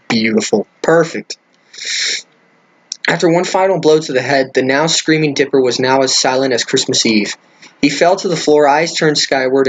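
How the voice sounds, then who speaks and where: A man's voice: mid-range voice, breathy edge. A man reading a crude story aloud, stumbling over words and breaking off with incredulous, swearing remarks. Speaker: comedic reader. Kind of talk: reading a fan fiction aloud with commentary.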